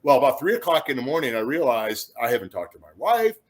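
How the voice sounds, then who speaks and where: A man in his fifties from Chicago, a former football player, telling lively anecdotes as an interview guest and acting out other people's words. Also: mid-range voice, fast talker. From Chicago, USA. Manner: animated storyteller who acts out quotes, with frequent restarts.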